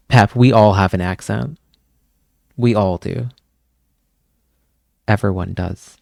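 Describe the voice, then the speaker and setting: A young man from Pennsylvania hosts a live stream, rambling in easy, casual chat and drifting off on tangents. His voice is on the low side and sounds dry and close to the mic. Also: slow pace, gravelly, pauses often, darkish tone, no echo. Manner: rambling, chatty, wanders off on tangents. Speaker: livestream host.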